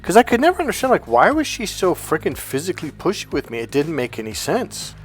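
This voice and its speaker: A man giving a casual monologue as a relationship coach, animated and profane, acting out bits of dialogue. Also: a little high, fast, soft background music.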